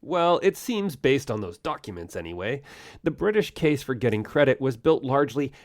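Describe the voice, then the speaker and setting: A man hosting a solo podcast on science history, telling it conversationally with wry jokes and quick asides. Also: mid-range voice, sing-song, no echo, clean studio sound. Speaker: podcast host.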